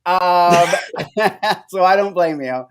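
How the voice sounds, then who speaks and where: A man's voice: high-pitched, slow pace, smooth. A man co-hosting a recap show, reading a scripted intro and then chatting loosely with many fillers and laughs. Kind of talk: casual chat with scripted intro.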